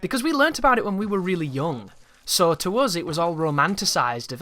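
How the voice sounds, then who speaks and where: A man's voice: high-pitched, big pitch swings, brisk, few pauses, bright, forceful tone. A man giving casual, rambling, opinionated commentary over a video game, swearing freely as he talks. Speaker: gameplay commentator.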